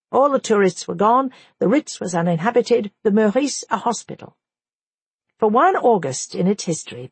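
A woman reading a history audiobook as narrator, in a measured, even scripted narration. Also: mid-range voice, breathy edge, no room sound.

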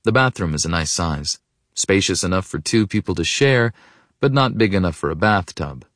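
A man narrating a first-person audiobook in a reflective, intimate way that often drops to a hush. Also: sits low, lively intonation, normal speed, no room sound, studio quality. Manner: reflective, intimate, softening to hushed.

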